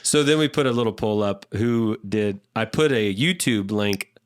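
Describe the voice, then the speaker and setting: A man's voice: lowish voice, normal speed, smooth, no echo, clean studio sound. A man co-hosting a podcast in casual chat, laughing often and restarting his sentences. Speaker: podcast co-host.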